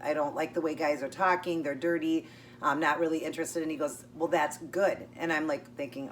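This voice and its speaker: A woman's voice: sits low, fast. A woman vlogger chattily telling a personal story while eating, acting out both sides of the conversation. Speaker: keto vlogger. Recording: distant mic with faint hum.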